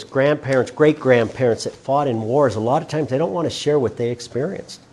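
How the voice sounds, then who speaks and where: A man's voice: medium pitch, a little mellow. Earnest middle-aged man. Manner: earnest storytelling, quotes others. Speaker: guest speaker, former school principal. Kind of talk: personal talk to a class.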